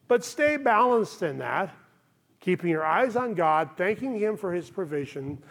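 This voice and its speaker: Guy pastor w/ a pretty high voice, chatty sermon, keeps saying okay?. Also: sing-song, a little slow, gravelly, a bit bright. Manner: conversational preaching, frequent "okay?" check-ins.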